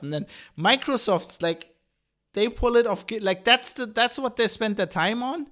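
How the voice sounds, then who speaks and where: A man with a fairly high-pitched voice rants casually on his podcast. He is sarcastic and animated, with lots of fillers and restarts, and he keeps slipping into mocking impressions. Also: normal speed. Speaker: podcast host. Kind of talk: casual ranting commentary.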